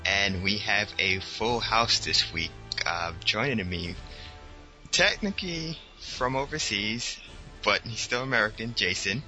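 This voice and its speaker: A man's voice: on the low side, animated, measured pace, pushed and bright. A man hosting a casual gaming podcast, loose and joking, laughing often. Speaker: podcast host. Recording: dull lo-fi sound, faint music.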